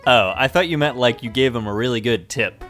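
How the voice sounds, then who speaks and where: Male podcast co-host with a deadpan, sarcastic delivery; medium voice, light guitar bed underneath. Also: mid-range voice, a little fast. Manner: dry, sarcastic interjections. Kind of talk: casual comedic banter.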